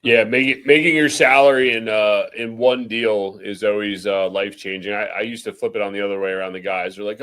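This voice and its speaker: Low-voiced relaxed podcast co-host. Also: male voice, a little fast, few pauses. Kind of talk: casual conversational chat.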